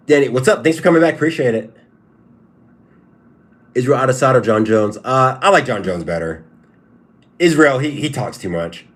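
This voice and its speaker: A man talking casually on a livestream, reacting to chat as it comes in. His pitch sits in an ordinary middle range, and he restarts his sentences and hammers the same points again and again. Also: lively intonation, moderate pace, long pauses, a bit bright. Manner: repetitive, stop-start, emphatic. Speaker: livestream host and fighter.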